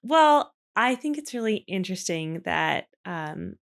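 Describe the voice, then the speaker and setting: Podcast host, woman, mid-range pitch; casual and enthusiastic interviewer. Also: very animated, unhurried, vocal fry.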